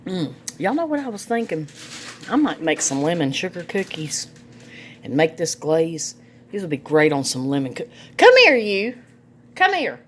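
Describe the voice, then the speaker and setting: A middle-aged woman with a drawl talks viewers through a recipe in her home kitchen, folksy and quick to laugh. Her voice sits somewhat low. A faint background noise hangs under the recording. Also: expressive, a little mellow. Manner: chatty, folksy, laughs often. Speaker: home cook, vlog host. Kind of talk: casual cooking demonstration.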